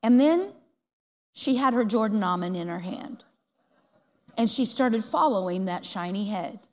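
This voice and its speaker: A middle-aged woman preacher telling a long, lively story in a church and asking the congregation questions. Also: medium pitch, unhurried, in a large hall. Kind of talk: storytelling sermon.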